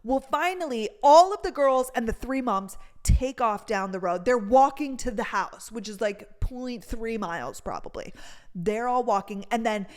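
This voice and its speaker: A young woman hosting a podcast, telling a story in a chatty, animated way and saying "like" a lot. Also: a little high, moderate pace. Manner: chatty, heavy on "like," animated retelling. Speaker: podcast host. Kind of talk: casual storytime chat.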